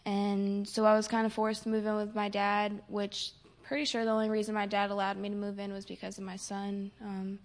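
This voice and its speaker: A young woman living in a recovery program gives a casual personal testimony, using lots of "like" fillers and quoting conversations with others. Her voice is medium-pitched, monotone and a little fast.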